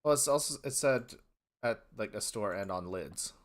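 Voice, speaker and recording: Man co-host, dry joking hockey banter, relaxed live chat. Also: on the low side, normal speed, slight background noise. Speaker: podcast co-host. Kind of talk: casual live-stream chat.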